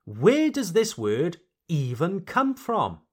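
Slow, lively native English-speaking teacher. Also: male voice, sits high. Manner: slow, careful, repeating words for learners. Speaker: English teacher and podcast host. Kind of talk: podcast pronunciation lesson.

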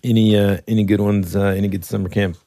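Deep gravelly man telling a story. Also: fast, no echo, clean studio sound. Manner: animated, laughs often, acts out yells. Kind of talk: casual storytelling chat.

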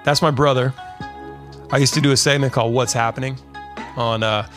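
A man's voice: medium pitch, fairly even intonation, brisk, a bit bright, soft background music. A man hosting his podcast stream in a laid-back, rambling chat, dropping fillers and calling listeners "dude". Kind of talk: casual live-stream chat.

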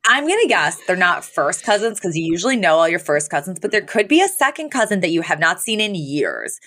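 Lively low-voiced woman recapping a show. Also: brisk. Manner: animated storytelling, frequent laughter. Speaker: podcast co-host. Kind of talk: casual TV recap chat.

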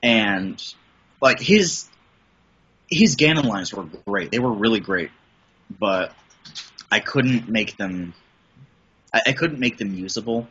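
A man's voice: fairly low pitch, lively intonation, slow pace, long pauses, fairly bright tone, lo-fi sound, a little hiss or hum. A middle-aged man from the Midwest, chatting casually as a podcast guest, rambling enthusiastically with frequent restarts. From American Midwest. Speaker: podcast guest, voice and audio producer. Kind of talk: casual interview chat.

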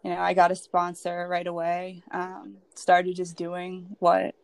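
A woman's voice: fairly low pitch, completely flat delivery, unhurried, no echo. A woman sharing her personal story as a podcast guest, candid and emotional, with lots of "like" and "um.". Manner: candid and emotional, heavy with "like" and "um" fillers.

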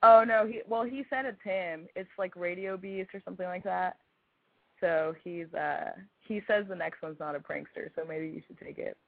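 Caller in their twenties, from Texas, laid-back rambling, gravelly, dry phone-line audio. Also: mid-range voice, normal speed, no room sound. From Texas, USA. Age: 20s. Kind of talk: casual phone call.

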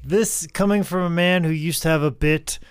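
A man's voice: a little high, moderate pace, clear, resonant tone. A man co-hosting a comedic podcast, rambling through mock-serious rants. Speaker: podcast co-host.

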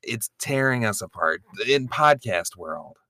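Bright-voiced man arguing playfully on a podcast. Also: medium pitch, expressive, dry recording, clean studio sound. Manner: wry, quick to argue and tease. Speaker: podcast co-host. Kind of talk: casual podcast banter.

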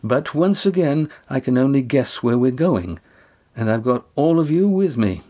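A man's voice: mid-range voice, animated, moderate pace, mellow, voice pushed up, close to an everyday voice. A man voicing an earnest, worried young sailor. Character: anxious young sailor, earnest and self-doubting. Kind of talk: audiobook character voice.

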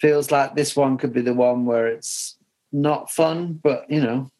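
A man's voice: medium pitch, a little slow, warm tone, poor audio. Man talking over a video call. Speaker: podcast co-host. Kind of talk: casual chat.

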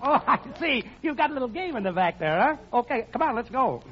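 A man's voice: very high-pitched, sing-song, a little fast. An actor playing a bumbling man posing as a German spy, giggling and wisecracking in a mock German accent in 1940s radio comedy. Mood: panicky. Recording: dull hissy old radio recording.

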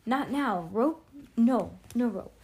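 A harried grown man on the phone, brushing off kids in quick, distracted bursts. A woman reading aloud puts him on. He sounds half elsewhere. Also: fairly high pitch, animated, a little mellow.

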